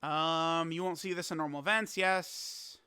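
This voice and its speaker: A man's voice: fairly high pitch, fairly even intonation, measured pace, sharp tone, clear, resonant tone, no room sound, clean studio sound. A young man giving casual reaction commentary as a gaming YouTuber, exasperated and laughing, rambling with stammered restarts.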